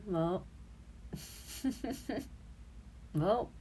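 A woman's voice: on the low side, drawn-out words, dark tone, a little hiss or hum. A woman in her twenties, an audio creator and streamer, chatting casually and giggling as she looks back on her old posts, swearing freely.

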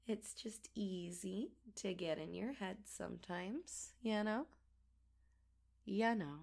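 A woman with a gravelly voice today, chatting casually and rambling as she crafts. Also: medium pitch, unhurried. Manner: rambling and chatty, many fillers. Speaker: audio creator and crafting vlogger. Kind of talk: casual chat while crafting.

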